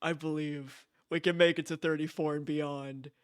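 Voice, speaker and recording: A young man streaming live from home, gushing and excited, repeating himself and laughing often. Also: on the high side, moderate pace, clean tone, no echo, clean studio sound. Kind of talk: casual live-stream chat.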